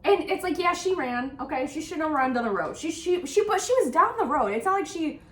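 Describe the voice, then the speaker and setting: Animated woman ranting about a book, roomy echo. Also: high-pitched, brisk. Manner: animated, exasperated ranting with frequent "like". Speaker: book podcast co-host. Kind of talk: casual book discussion.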